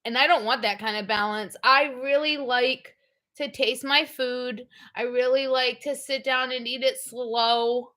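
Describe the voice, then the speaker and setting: A woman's voice: sits high, steady tone, a little slow, sharp tone. A middle-aged woman hosting a livestream, chatting casually in a blunt, rambling way. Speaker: livestream host. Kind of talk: casual chat.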